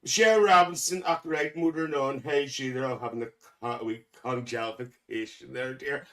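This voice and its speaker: A man's voice: medium pitch, steady tone, normal speed, a bit bright, distant mic, close to an everyday voice. A man playing a cheeky, gossipy older auntie, hosting a live stream and calling everyone dear. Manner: gossipy, calls everyone dear, laughs often. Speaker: livestream host. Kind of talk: live stream chat in character.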